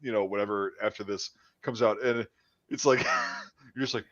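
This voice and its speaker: A man casually chatting as a podcast host, swearing often and trailing off into quiet mumbles. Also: lowish voice, fairly even intonation, normal speed, muffled recording. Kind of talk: casual chat.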